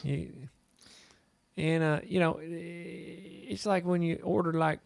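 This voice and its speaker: Creaky-voiced man joking through trades. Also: fairly high pitch, fairly even intonation, slow, dry recording. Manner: joking, rambling, jumps into silly voices. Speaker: co-host of a trading show. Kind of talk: casual banter over live trading.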